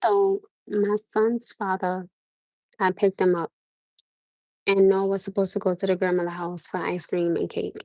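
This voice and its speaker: A woman's voice: medium pitch, a little slow, dry recording, rough recording. A young woman from Norwalk with a New York-tinged accent, chatting casually on a livestream and asking her viewers again and again what they think. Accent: New York-tinged American. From Norwalk, USA. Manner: animated, repeats questions to the audience, restarts often. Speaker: livestream host.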